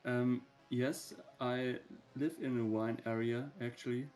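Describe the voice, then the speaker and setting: Slow hesitant man on a video call. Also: medium pitch, steady tone, a little mellow, faint music behind. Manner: hesitant, many fillers and restarts. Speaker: guest on a video-call date. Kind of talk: casual video-call chat.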